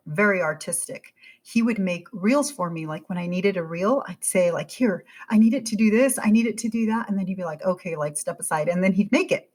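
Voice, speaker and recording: A woman in her forties, a podcast guest, telling her story in a casual, animated way and acting out her own thoughts. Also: on the low side. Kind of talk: casual interview chat.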